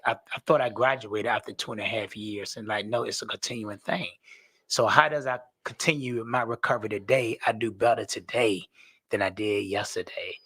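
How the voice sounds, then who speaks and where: A man's voice: medium pitch, pushed and bright. A man talking earnestly and animatedly about recovery as a peer worker and sponsor, often saying "you know". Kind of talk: casual conversation.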